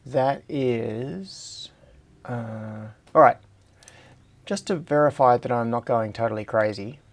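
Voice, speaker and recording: A man's voice: medium pitch, gravelly. A middle-aged Australian man with a slight American tinge, hosting a casual livestream and thinking aloud as he works in his home workshop. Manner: rambling, self-mocking, talks to himself while tinkering. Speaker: host.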